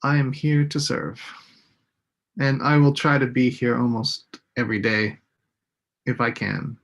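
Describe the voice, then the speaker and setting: A man from the United States leads a live-streamed English lesson, drawing each word out and saying it again. His voice carries a gravelly rasp, and his pitch sits in an ordinary middle range. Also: flat delivery, fairly bright tone. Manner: slow, deliberate, repeats words for students. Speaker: English teacher.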